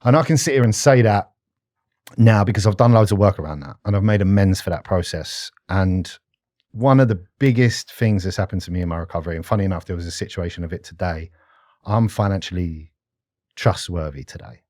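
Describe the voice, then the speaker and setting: A man's voice: low-pitched, brisk, darkish tone, no room sound, clean studio sound. A British man in his thirties, a podcast guest talking bluntly and candidly in conversation. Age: 30s. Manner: blunt and candid, often says mate.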